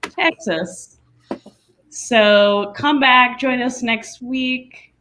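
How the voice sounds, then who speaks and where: A woman's voice: fairly high pitch, measured pace, fairly bright tone, slight background noise. A woman hosting a casual chat, wrapping up and announcing next week's guests. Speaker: host.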